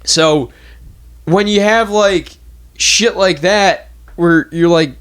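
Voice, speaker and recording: A man's voice: high-pitched, fairly bright tone, clear, resonant tone. Ranting guy, young, swearing. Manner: rambling, profane, fast ranting with many fillers. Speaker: podcast host. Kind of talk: casual chat.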